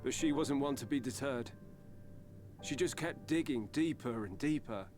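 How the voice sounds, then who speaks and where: A grave male villager, voiced by a man in a fantasy game, speaking in a measured, somber tone. His voice sits in a middle range, with game music clearly audible behind him. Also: medium pitch, a little mellow, natural voice. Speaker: game character.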